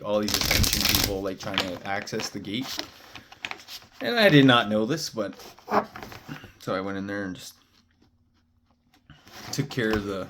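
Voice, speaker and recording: A man's voice: fairly low pitch, noisy background. A man, a spiritual card reader, telling a meandering story in casual talk, full of "uh" and "like". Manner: meandering, heavy on "uh" and "like" fillers.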